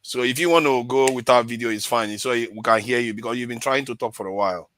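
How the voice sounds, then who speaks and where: A man hosting an online call-in show over a video call, steering the talk in an easy, relaxed way. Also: mid-range voice, fast, slight background noise. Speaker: host.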